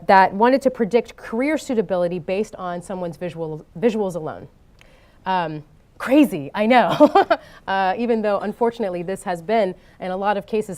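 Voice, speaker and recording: A woman speaking from a conference stage to a live audience, with a voice of middling pitch. Her delivery is loose and unscripted, dotted with ums and uhs. She grows lively and animated whenever she tells a story. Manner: frequent ums and uhs, animated when telling anecdotes.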